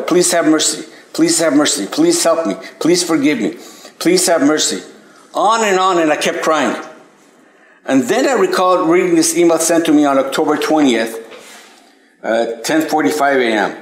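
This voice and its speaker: A man sharing personal memories with a group at a spiritual center, hesitant, with many restarts, rising high and animated when amazed. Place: meeting room at a spiritual center. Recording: echoey room recording.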